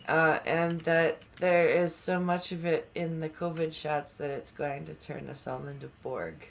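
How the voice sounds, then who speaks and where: A woman on a political chat podcast, speaking haltingly and sarcastically with many restarts. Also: deep voice, steady tone, gravelly, a little hiss or hum, poor audio. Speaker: podcast panelist.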